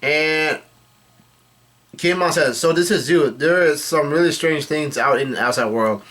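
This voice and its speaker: A man's voice: fairly high pitch, moderate pace, a bit bright. A man casually reading a comic chapter aloud, voicing the quoted lines in his own plain voice and often correcting himself mid-sentence. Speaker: manga reader. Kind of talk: casual manga chapter read-through.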